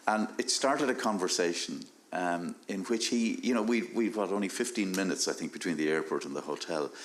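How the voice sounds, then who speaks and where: A man on a discussion panel, telling a reflective personal story softly to a live audience. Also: low voice, fairly quick, a little hiss or hum. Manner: reflective, soft-spoken storytelling.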